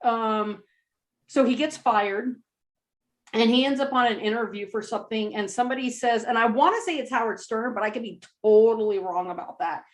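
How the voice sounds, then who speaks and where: A woman co-hosting a podcast in casual chat, talking in rambling, animated stretches and laughing often at her own jokes. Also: fairly high pitch, normal speed. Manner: rambling with many fillers. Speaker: podcast co-host.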